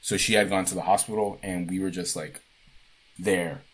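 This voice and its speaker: A man's voice: sits low, steady tone, moderate pace, a bit bright, husky. A man co-hosting a podcast, telling a childhood story in a casual, profane, laid-back way. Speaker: podcast co-host.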